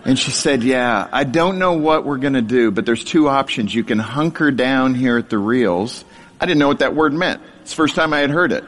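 A man's voice: medium pitch, moderate pace, fairly bright tone. A middle-aged man preaching a storytelling sermon, sharing his childhood with self-deprecating humor and frequent laughter. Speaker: speaker sharing a testimony. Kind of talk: storytelling sermon to a live audience. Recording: long hall reverb.

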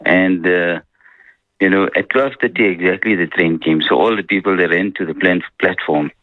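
A man answers listener questions as a religious scholar, calm and conversational, leaning on frequent fillers. His voice is very low. The recording is dry and slightly dull, like a lo-fi radio feed. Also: normal speed, no room sound.

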